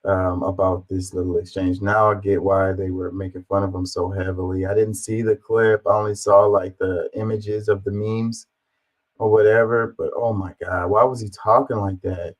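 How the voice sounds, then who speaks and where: A man's voice: low voice, flat delivery, moderate pace, low-quality recording. A man giving casual, amused reaction commentary on video clips, with a laid-back delivery and lots of fillers.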